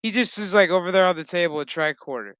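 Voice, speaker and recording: A man's voice: sits high, fast, fairly bright tone, clear, resonant tone, no room sound. A man giving a loose, profane, rambling recap of a TV episode, full of fillers. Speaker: TV episode reviewer.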